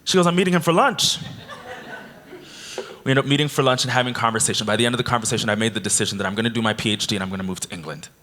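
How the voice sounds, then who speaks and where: A man from Canada giving a keynote speech, telling a personal story with animated delivery. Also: fairly low pitch, very fast, few pauses. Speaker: keynote speaker. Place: convention hall.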